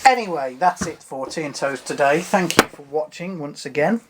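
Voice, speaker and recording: A man's voice: a little high, expressive, normal speed, very noisy. A man co-hosting a casual chat show, easygoing and dry, wrapping up with sign-offs. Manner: easygoing, dry, fond of impressions. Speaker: co-host.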